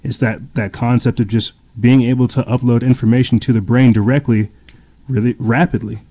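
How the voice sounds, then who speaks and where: A man's voice: medium pitch, fairly even intonation, moderate pace, dark tone. A man in casual podcast chat, talking in long rambling runs full of fillers and restarts.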